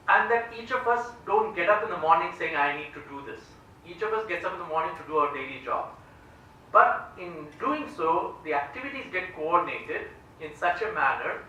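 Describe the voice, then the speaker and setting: Standing in front of a large lecture hall audience, this Indian man explains economics step by step, frequently checking with "right?". His fairly high, sharp voice is recorded from a distance in a very echoey room, with slight background noise.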